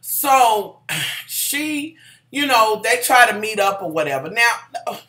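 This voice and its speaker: Sassy woman, bright roomy voice. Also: a little high, expressive, slow pace. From Kentucky, USA. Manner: sassy, salty, calls viewers honey. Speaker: TV show reviewer. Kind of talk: casual chatty review. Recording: roomy echo.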